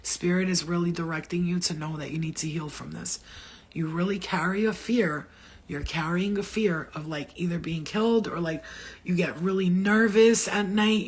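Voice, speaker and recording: A woman's voice: on the low side, slightly rough. A woman hosting a psychic live stream from home, rambling and blunt with frequent swearing, her throat dry. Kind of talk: casual live-stream reading.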